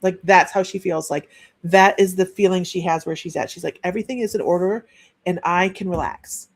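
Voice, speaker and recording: A woman psychic medium giving a live-streamed reading in a husky, gravelly voice. She talks casually, relaying what she senses and often restarting mid-sentence. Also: on the low side, fairly even intonation, brisk. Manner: chatty, relays messages with frequent restarts.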